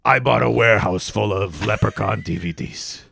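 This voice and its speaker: A man from Canada, a podcast guest, in casual comedic chat, swearing and swinging into high put-on voices when he quotes people. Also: moderate pace, gravelly, bright, forceful tone, breathy edge, dry recording, clean studio sound.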